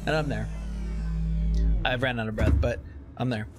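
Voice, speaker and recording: A man giving excitable let's play commentary, narrating his gameplay and shouting at scares. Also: medium pitch, moderate pace. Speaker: gameplay recap host. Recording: commentary over game music.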